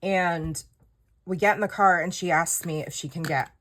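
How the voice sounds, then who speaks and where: A woman's voice: on the low side, steady tone, normal speed, a bit bright. A woman, telling a personal story in casual chat while journaling, candid and rambling, acting out quoted dialogue. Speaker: journaling creator.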